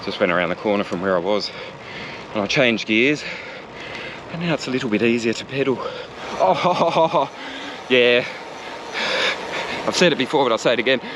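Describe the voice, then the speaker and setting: Australian man, casual vlog chatter, joking, mid-pitched voice, road and wind noise behind. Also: a little fast, pauses often. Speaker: cycling vlogger. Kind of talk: casual vlog commentary while riding. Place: riding a bike outdoors on roads before dawn.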